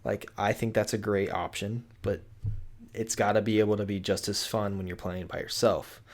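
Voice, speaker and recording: Low-voiced young man co-hosting a podcast. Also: normal speed. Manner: relaxed, agreeable, repeats himself. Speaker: podcast co-host. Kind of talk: casual podcast chat.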